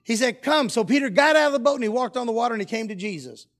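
A man preaching a joking, animated sermon that swings between loud and hushed. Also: extremely high pitch, rapid-fire.

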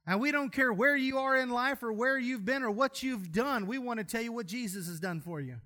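A man delivers a sermon in a church. His voice sits high and bright. He jokes and tells homespun stories between verses. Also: a little fast. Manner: folksy, humorous storytelling preacher. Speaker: pastor.

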